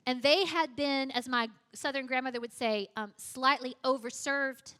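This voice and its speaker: Bright high-voiced woman telling a story. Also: normal speed, clear, resonant tone, big-room sound. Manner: lively storyteller who acts out dialogue. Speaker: guest speaker at a church. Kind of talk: storytelling sermon.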